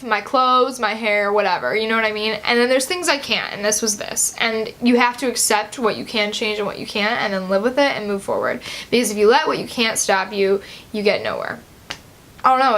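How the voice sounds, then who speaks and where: Teen girl vlogging, kinda high voice, says like and um a lot, super casual. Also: fairly bright tone. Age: about 17, teenage girl. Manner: chatty, loose, full of "like" and "um" fillers. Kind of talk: casual personal story to camera.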